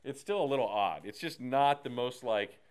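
A man leading a casual Bible study, animated and slangy, acting out the characters as he teaches. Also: medium pitch, moderate pace, clean tone. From United States.

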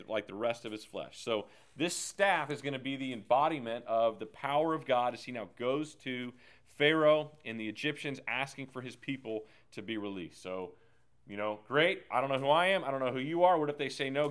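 A man's voice: medium pitch, fairly bright tone. Man teaching a casual Bible class. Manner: conversational, asks the group questions, frequent "okay?" and "right?".

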